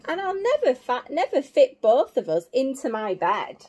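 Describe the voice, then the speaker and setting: A woman's voice: sits high, huge pitch swings, moderate pace, darkish tone, full character voice. A woman voicing a small, fretful boy who cries out in a storybook reading. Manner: fretful, crying out. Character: small frightened boy with a teddy.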